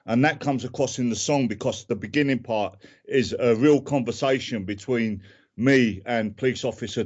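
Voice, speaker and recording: A man's voice: mid-range voice, dull audio. A man with a Cockney accent from southern England, speaking earnestly as a guest on a radio interview, plain-spoken and circling back with fillers. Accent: London Cockney. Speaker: guest musician and activist.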